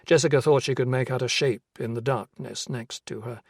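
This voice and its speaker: Husky male audiobook narrator. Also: medium pitch, fairly even intonation, a little fast, no room sound, clean studio sound. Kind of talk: scripted narration.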